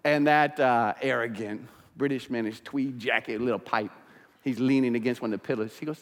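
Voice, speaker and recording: A man preaching a sermon as pastor, swinging from quiet, intimate stretches to loud, fired-up passages. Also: medium pitch, steady tone, normal speed, long reverb tail.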